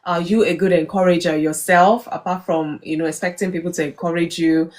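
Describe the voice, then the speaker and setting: A woman co-hosting a live stream discussion, recapping the topic and asking questions in a measured way. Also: on the low side, steady tone, a little mellow. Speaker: co-host of live talk show.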